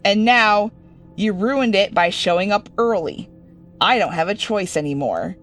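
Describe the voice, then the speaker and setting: A woman's voice: lowish voice, big pitch swings, measured pace, a bit bright, soft background music. A young woman hosting a horror game playthrough, reading the game text aloud with joking asides. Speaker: gaming video host. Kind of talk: casual let's-play commentary.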